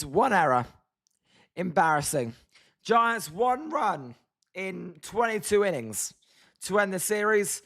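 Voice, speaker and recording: High-voiced British man commentating a stream. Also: fairly bright tone. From Britain. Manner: chatty, reads chat names, groans at the team. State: hoarse, voice tiring. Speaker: livestream host. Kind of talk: casual live watch-along commentary.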